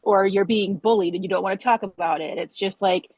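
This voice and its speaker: A woman talking in a candid podcast conversation, telling stories in an animated way, acting out quotes and swearing. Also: medium pitch, brisk, breathy edge, no room sound, lo-fi sound.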